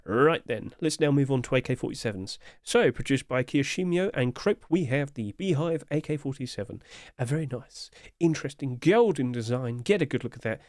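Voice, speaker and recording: A man's voice: mid-range voice, lively intonation, moderate pace, a little mellow, no room sound, studio quality. A man giving casual, upbeat commentary as he reviews game skins, chatting along with light chuckles.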